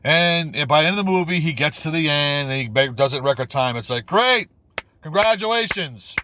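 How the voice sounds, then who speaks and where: A man's voice: fairly even intonation, quick pace, noisy background. A man ranting about a film on his channel, rambling and repeating himself, stumbling over words, his voice jumping up when he's exasperated. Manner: incredulous, pitch jumps when exasperated. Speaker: video commentator.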